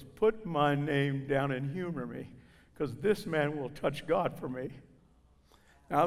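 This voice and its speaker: Preacher man telling a testimony. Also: fairly high pitch. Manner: storytelling, acting out quoted voices. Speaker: guest preacher. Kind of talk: sermon testimony. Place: church. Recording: reverberant church hall.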